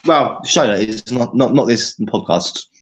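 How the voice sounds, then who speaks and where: Young male co-host, mid-pitched, blunt, jokey, swears constantly. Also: animated, measured pace, breathy edge. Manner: blunt, swears heavily, joking. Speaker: podcast co-host. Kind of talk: casual chat.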